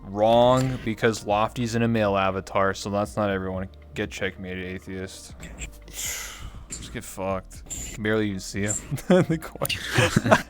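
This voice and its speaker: Man making quiet joking asides. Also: on the low side, measured pace, faint music behind. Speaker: stream co-host. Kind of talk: casual chat.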